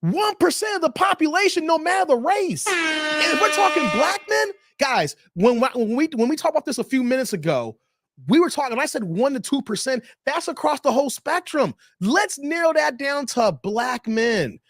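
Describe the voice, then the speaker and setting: A man's voice: very high-pitched, sing-song, normal speed, fairly bright tone, no echo, clean studio sound. A man hosting a live stream, joking in slangy casual chat and reading out viewer messages.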